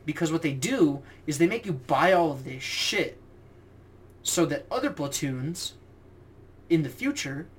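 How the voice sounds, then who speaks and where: Young male podcast co-host, slightly higher voice, animated and profane storyteller, faint background hiss. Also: a little slow, long pauses. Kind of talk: casual chat, storytelling.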